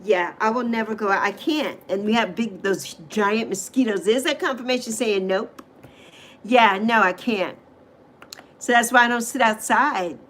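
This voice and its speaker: A woman's voice: on the high side, moderate pace, fairly bright tone. A middle-aged woman, hosting a casual livestream, chatting animatedly and reacting to viewer comments with emphatic exclamations. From U.S. Virgin Islands. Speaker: livestream host.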